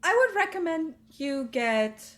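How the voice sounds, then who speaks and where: A woman's voice: very high-pitched, sing-song, measured pace, fairly bright tone. A woman playing her character in a tabletop game, blunt and exasperated, swearing now and then. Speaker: player. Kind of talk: tabletop role-play.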